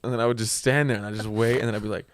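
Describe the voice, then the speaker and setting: A man's voice: fairly low pitch, steady tone, rapid-fire. A young man, a comedian, telling a long rambling story in a casual podcast chat, laughing and trailing off. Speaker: guest comedian.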